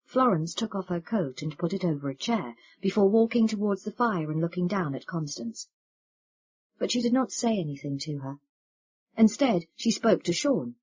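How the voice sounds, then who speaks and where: Woman narrator, husky, lively pitch, expressive audiobook read. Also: normal speed, highs cut off.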